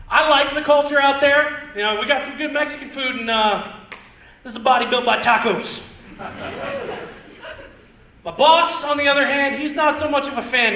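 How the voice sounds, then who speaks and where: A young man from Indiana doing a stand-up comedy set on a theater stage, telling rambling stories and punching lines with sudden shouts. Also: very high voice. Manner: loose, rambling storytelling with stutter-mimicking bits and sudden shouted punchlines. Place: theater stage with live audience. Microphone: handheld stage mic. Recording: roomy theater sound.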